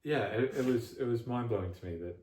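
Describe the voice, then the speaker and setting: A man's voice: medium pitch, quick pace, a little mellow, a little hiss or hum. An Australian man co-hosting a podcast, chatting casually and rambling with many restarts and fillers. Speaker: podcast co-host. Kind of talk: casual chat. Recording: roomy, distant from the mic.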